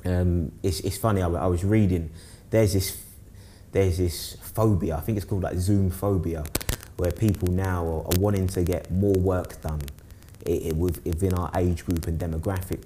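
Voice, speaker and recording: This low-pitched young Londoner, from South East London, chats at a moderate pace over a little hiss or hum. He's a guest in a casual conversation, rambling and restarting often, repeating words and livening up when he tells stories.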